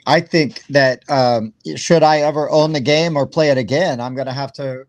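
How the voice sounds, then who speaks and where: A man's voice: mid-range voice, normal speed. A man co-hosting a casual chat about games, rambling and laughing easily. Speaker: co-host.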